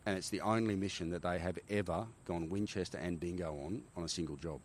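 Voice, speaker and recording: Australian male ex-pilot guest, middle-aged, low pitch, lively storyteller, light background noise. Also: quick pace. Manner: animated war-story telling, frequent "right?" tags. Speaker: guest, former army helicopter pilot. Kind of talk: casual storytelling interview.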